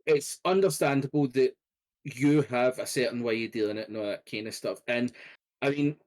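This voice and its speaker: A man's voice: medium pitch, normal speed, darkish tone. A man co-hosting a podcast, answering his friend in a thoughtful, hedging way. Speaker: podcast co-host. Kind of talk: casual chat.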